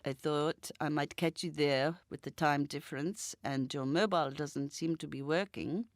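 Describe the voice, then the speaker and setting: A woman reading aloud, voicing a formal, measured German man with a German accent who speaks politely and carefully. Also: low-pitched, no echo, studio quality.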